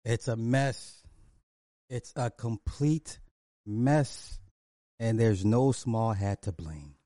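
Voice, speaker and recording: A man hosts a casual commentary stream, drawing his words out slowly and repeating points for emphasis. His voice is dark and mellow. It is recorded dry, close to the mic. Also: medium pitch, no echo. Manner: drawling, repetitive, emphatic, chuckles often. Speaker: commentary show host.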